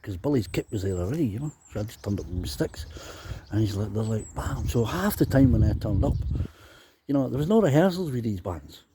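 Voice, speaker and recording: A man's voice: fairly low pitch, animated, quick pace, dark tone, a little hiss or hum. A Scottish man from Dundee in his fifties, telling chatty, rambling stories about his drumming days and often adding "you know". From Scotland. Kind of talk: casual storytelling monologue.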